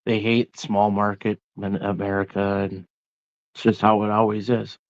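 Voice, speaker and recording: Brief: male sports co-host, low pitch, dull lo-fi remote sound, quick dismissive takes. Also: little pitch movement, no room sound. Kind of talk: casual sports talk.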